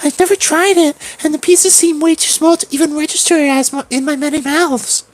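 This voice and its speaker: A woman's voice: high voice, fairly even intonation, brisk, faint music behind, lightly acted, poor audio. A woman voicing a perky, self-assured ghost girl with a chirpy, playful line reading, as a game character on a stream.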